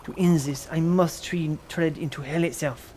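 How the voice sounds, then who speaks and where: A man's voice: on the high side, fairly even intonation, normal speed, darkish tone, a little hiss or hum, lightly acted. A man voicing a determined young French heroine, reading game lines in a put-on French accent. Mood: solemn.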